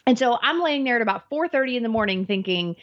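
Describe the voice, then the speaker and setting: A woman's voice: on the high side, expressive, fast talker. A woman guest in an interview, earnestly retelling a personal faith experience and acting out her own thoughts. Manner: earnest, vivid retelling with acted inner thoughts. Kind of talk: personal faith testimony storytelling. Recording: dull lo-fi audio.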